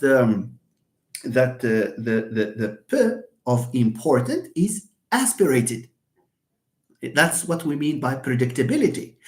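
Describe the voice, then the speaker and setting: A male lecturer walks through an idea, asking himself questions and answering them at once. His pitch rises and falls in a lively way, and words often repeat while he thinks aloud. The voice rings in a roomy, echoey space. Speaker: university lecturer. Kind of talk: live lecture. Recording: roomy echo.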